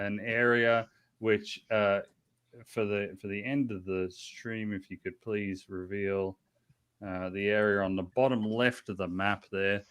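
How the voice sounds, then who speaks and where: Halting man running a tabletop game. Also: fairly low pitch, smooth. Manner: halting, many restarts and fillers. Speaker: game master.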